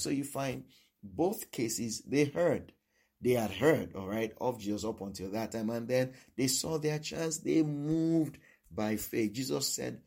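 Gravelly-voiced male preacher. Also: medium pitch, moderate pace, darkish tone. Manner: repetitive, keeps asking "all right?". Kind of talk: sermon.

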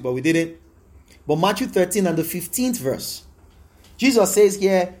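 A man with a notably high voice preaches a sermon to his congregation. He hammers his points home by repeating them, and his voice climbs into bursts of exclamation. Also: darkish tone. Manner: emphatic, repetitive preaching with rising exclamations. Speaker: pastor.

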